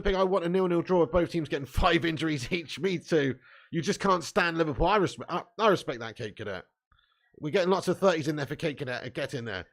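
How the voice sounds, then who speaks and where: A man from England hosting a live football watch-along, chatting with viewers, joking, swearing and laughing, with sudden loud outbursts. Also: fairly high pitch. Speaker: football fan channel host.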